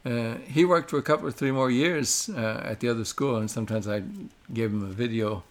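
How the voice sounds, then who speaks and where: Older man, halting mild speech. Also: mid-range voice. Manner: halting, many fillers, mild. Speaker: podcast guest. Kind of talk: casual podcast chat.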